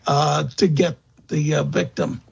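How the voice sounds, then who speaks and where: Man, guest expert, unhurried, husky, halting with fillers, dull lo-fi recording. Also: a little high, flat delivery. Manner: slow, halting, many fillers and restarts. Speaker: guest expert on vampire lore. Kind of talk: interview answers.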